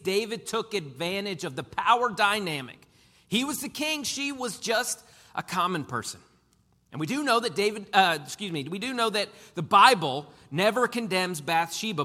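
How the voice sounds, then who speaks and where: A man preaches with a high, lively voice that leaps around in pitch. His tone is bright and forceful, and a long reverb trails behind him. He swings between punchy emphasis and quieter asides. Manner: animated, emphatic preaching with sudden loud and soft turns. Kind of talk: sermon.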